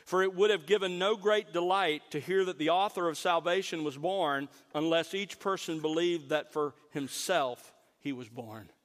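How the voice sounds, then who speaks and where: A man preaching a sermon, slowing down to stress key words. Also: on the high side, a bit bright, long reverb tail. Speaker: pastor.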